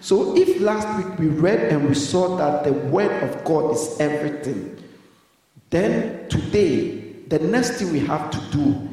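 A man preaching a sermon as pastor, pausing so the congregation can finish his sentences in call-and-response. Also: fairly high pitch, expressive, mellow. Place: church hall. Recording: echoey hall, voice from far off.

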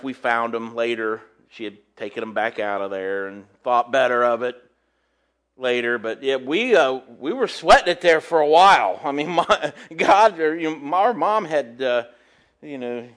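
High-voiced earnest male preacher. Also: a bit bright. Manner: earnest, reads scripture then explains it in plain talk with homely stories; restarts and repeats words while thinking aloud. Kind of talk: conversational sermon with scripture reading.

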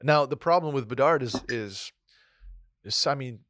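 A man's voice: mid-range voice, animated, normal speed, a crowd in the background. A man co-hosting a sports podcast, talking casually with many restarts, jokes and swearing. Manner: rambling, restarts, swears, jokey. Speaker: podcast co-host.

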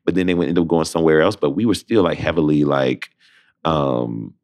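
A man in his thirties with a very deep voice, telling stories as an interview guest. He talks casually and acts out each person in his anecdotes. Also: a little fast, a little mellow. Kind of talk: casual storytelling.

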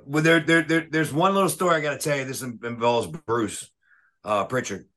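A man telling wrestling stories in a casual, profane and animated way. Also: mid-range voice, a little fast. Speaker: wrestling referee guest. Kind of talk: casual storytelling.

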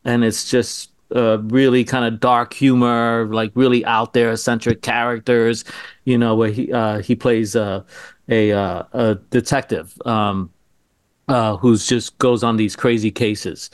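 Smooth-voiced male actor guest. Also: mid-range voice, fairly even intonation, no echo, studio quality. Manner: halting, with many fillers and restarts. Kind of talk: casual interview.

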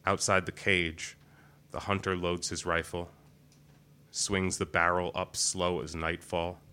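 Deep-voiced man performing spoken word. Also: flat delivery, sharp tone, clean tone. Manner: measured, deliberate reading. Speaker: open mic poet.

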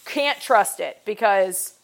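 A woman's voice: mid-range voice, expressive, slow pace, gravelly. A young woman co-hosting a casual podcast chat, rambling with lots of fillers and restarts. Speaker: podcast co-host.

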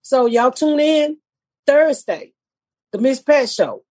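A woman's voice: sits high, animated, slow pace, a little mellow, no echo, studio quality. A middle-aged woman comedian hosting a podcast, brash, blunt and profane. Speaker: host, comedian. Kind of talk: casual podcast chat.

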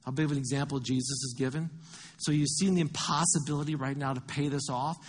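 A man's voice: mid-range voice, steady tone, fast, slightly rough. A male pastor preaching a conversational sermon, walking his listeners through scripture and working out sums aloud.

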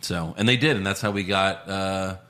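A man's voice: low-pitched, moderate pace, sharp tone. A man hosting a podcast, chatting casually and giving blunt, opinionated takes. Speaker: podcast host. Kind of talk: casual chat.

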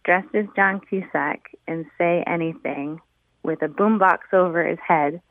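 A woman's voice: lowish voice, unhurried, no room sound. A woman calling a radio show, bubbly and chatty, full of "like" and "um", heard over a phone line. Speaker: caller. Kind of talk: phone-in chat.

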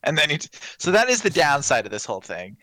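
A man trading jokes on a comedy podcast, laughing often as he talks. His pitch swings up and down animatedly, and the recording is dry and close with no room echo. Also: sing-song, quick pace, pushed and bright. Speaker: podcast co-host. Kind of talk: casual comedic chat.

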